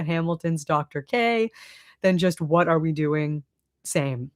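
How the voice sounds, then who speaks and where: A woman with a Boston accent talks loosely on a live stream, reading chat and riffing with plenty of "like" and "um." Her voice sits a bit low. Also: slow. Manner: chatty, many fillers, laughs often.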